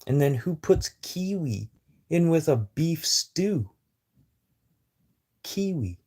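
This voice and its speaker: A man's voice: on the high side, big pitch swings, slow, warm tone, breathy edge. A man livestreaming a casual, rambling chat with viewers over a phone, talking in a blunt, profane way.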